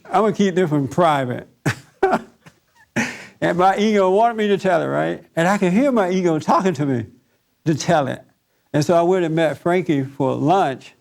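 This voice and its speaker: A man's voice: high voice, normal speed, gravelly, pauses often, a little mellow. Man preaching in a chatty, story-telling way. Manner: chatty and anecdotal, laughs at his own stories, talks directly to listeners. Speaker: pastor leading a Sunday service. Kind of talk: conversational sermon with storytelling.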